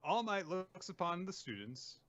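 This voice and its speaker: A man's voice: sits high, sing-song, normal speed, a bit bright, no echo, highs cut off. A man co-hosting a casual manga recap podcast, summing up chapters, quoting characters and laughing often. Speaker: podcast co-host.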